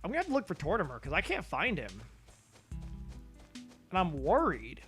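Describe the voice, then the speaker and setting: A man's voice: high voice, wildly swooping pitch, moderate pace, a bit bright, faint music behind. A tired man rambling through casual gameplay commentary on a stream, goofy and profane, talking mostly to himself. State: tired, yawning.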